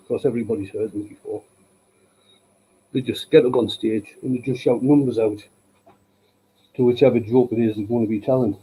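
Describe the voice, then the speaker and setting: A man's voice: medium pitch, mellow, slightly rough, low-quality recording. A man hosting a live woodturning stream from his workshop, chatting casually and cracking wry jokes as he works. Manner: joking, wry, dry humour. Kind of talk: casual chat while working. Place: home workshop.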